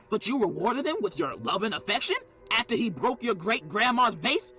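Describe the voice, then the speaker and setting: A man giving a comedic commentary on a children's book, swinging between low deadpan and sudden shouted outrage. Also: normal speed, hardly any pauses, over loud music.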